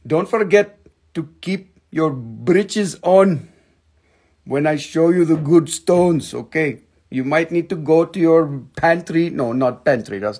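A man hosting a live-stream crystal sale, rambling and joking in a goofy, playful way with sudden shouts. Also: sits high.

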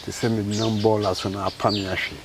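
Ghanaian man, 50s, interviewee. Low, gravelly, rambling, repetitive delivery; noisy outdoor recording. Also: level tone, a little fast. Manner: rambling, repetitive speech mixing Twi and English. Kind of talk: street interview, casual talk.

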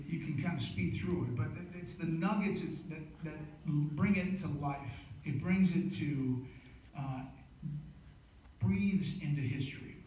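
A man's voice: fairly high pitch, a little hiss or hum. Man lecturing in an echoey chapel. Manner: animated storytelling with frequent fillers and restarts. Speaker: author giving a book lecture. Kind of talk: storytelling lecture. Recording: echoey hall, voice from a distance.

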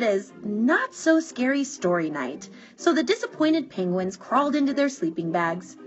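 A woman reads a children's story aloud with a lively, sing-song pitch and a slow, unhurried pace. The sound is dull and muffled, and faint music plays underneath. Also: husky. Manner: animated, drawing out words for effect. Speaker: storybook reader.

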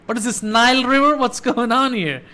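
A man reacting to a cartoon on screen, excitable and cursing, talking back to the characters. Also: extremely high pitch, moderate pace. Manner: excitable, swears a lot, talks back to the screen. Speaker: reaction video host. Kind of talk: casual reaction commentary. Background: cartoon audio and music playing.

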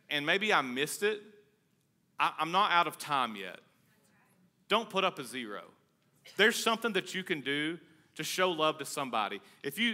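A man, a pastor preaching a conversational sermon with a casual, joking, energetic manner. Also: fairly high pitch.

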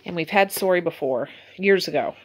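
Outdoors in the snow at dawn, a middle-aged woman from Nova Scotia, Canada, chats casually for her home vlog, rambling and correcting herself in her Nova Scotian accent. Out of breath, she talks fairly quickly in a lowish voice, with background noise around her.

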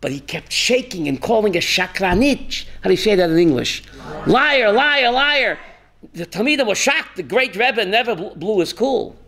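A man, a rabbi, teaching a class with animated storytelling and calling on students by name. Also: high voice, brisk, few pauses.

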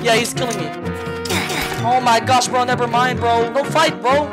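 A young man with a high, boyish voice rattles off cocky play-by-play, teasing his rival and laughing as he goes. The commentary is loose and trash-talking, peppered with "bro" and "boy." Music plays clearly underneath. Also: steady tone, moderate pace. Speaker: gaming YouTuber.

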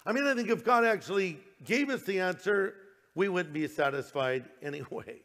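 A man's voice: high-pitched, lively intonation, moderate pace, a bit bright, long reverb tail. An older man, a pastor, preaching a sermon in a conversational way, slipping into quoted voices.

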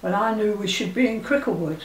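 An elderly English woman recalling her childhood in an interview, speaking in a gentle, halting way with many pauses. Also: medium pitch. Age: older. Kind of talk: reminiscing interview. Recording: roomy, distant mic with faint hiss.

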